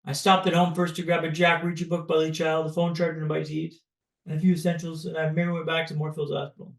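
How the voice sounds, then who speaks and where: A man from Canada, a podcast guest, telling a personal story in a dramatic, paced way with pauses. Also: on the high side, completely flat delivery, creaky, reverberant.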